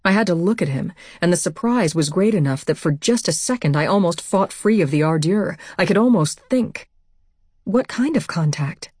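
A woman narrating a first-person audiobook in a steady, measured way on a close mic. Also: on the low side, slightly rough, no echo.

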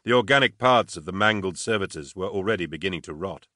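A man's voice: low voice, lively intonation, fast talker, bright, forceful tone, dry recording, clean studio sound. A man narrating fiction steadily as an audiobook narrator.

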